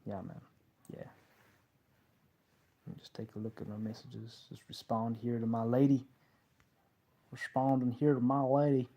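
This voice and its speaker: A man hosting a live Q&A from a couch in a lounge, talking in a loose, rambling way. He fills pauses with um and like, and addresses listeners as bro and man. His voice sits at an everyday middle pitch. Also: steady tone, creaky, muffled recording. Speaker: host of a live Q&A stream. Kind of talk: casual live-stream talk.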